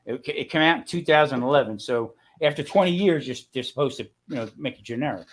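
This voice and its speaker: A man's voice: medium pitch, quick pace. An older man chatting casually on a video call, a rambling storyteller who grumbles and complains. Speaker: guest. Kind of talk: casual chat.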